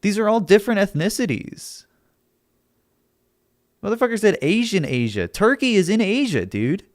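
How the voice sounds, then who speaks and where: A man's voice: sits high, sing-song, moderate pace, no room sound, clean studio sound. A young man streaming, arguing with his chat in a sarcastic, argumentative way and laughing often. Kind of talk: casual livestream chat.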